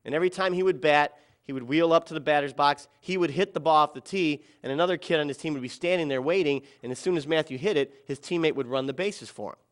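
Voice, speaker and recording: A middle-aged man telling a personal story about a children's ball game, dramatic and quoting others in softer or louder voices. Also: fairly high pitch, quick pace, few pauses.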